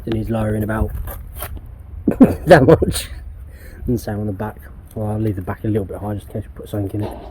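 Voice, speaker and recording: A man's voice: lowish voice, level tone, very fast, few pauses, mellow, a little hiss or hum. An English man vlogging casually while working on his van outdoors, rambling and swearing often in a laid-back way. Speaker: DIY van customizer vlogger.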